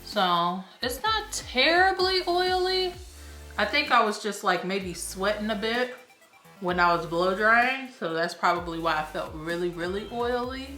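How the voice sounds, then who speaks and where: A woman's voice: medium pitch, moderate pace, pushed and bright, echoey room, soft background music. A young woman chatting casually in a rambling, self-amused way as a beauty vlogger, a little out of breath. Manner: chatty, rambling, laughs at herself. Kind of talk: casual vlog chat.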